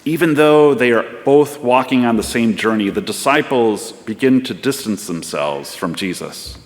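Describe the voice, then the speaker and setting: A man's voice: medium pitch, animated, moderate pace. A man preaching a sermon as pastor, in a reflective storytelling way. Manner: storytelling, reflective, acts out voices. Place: church sanctuary. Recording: long church hall reverb.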